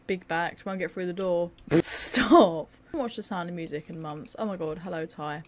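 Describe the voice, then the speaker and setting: A woman's voice: fairly low pitch, moderate pace. Tired, sarcastic young woman gaming. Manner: sarcastic, joking, self-mocking. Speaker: gaming video creator. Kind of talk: casual gameplay commentary.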